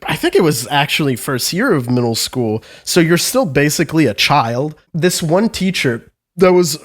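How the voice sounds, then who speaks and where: A man's voice: a little high, moderate pace. A podcast co-host who tells stories in a loose, profane rush. He swears constantly and jumps between outrage and laughter. This is a man chatting casually with friends. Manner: profane, animated storytelling with frequent swearing. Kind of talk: casual chat.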